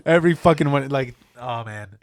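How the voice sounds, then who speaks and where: A man's voice: medium pitch, a little fast, no room sound. Man, Chicago-area podcast guest, rambling profane storyteller, dry close sound. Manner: profane, rambling with many restarts. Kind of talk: casual storytelling.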